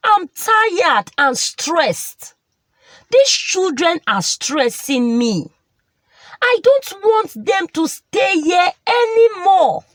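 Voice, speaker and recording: A woman voicing a bitter newlywed woman who scolds and whines in a high, shrill voice. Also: big pitch swings, drawn-out words, sharp tone, no echo, full character voice. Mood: whining.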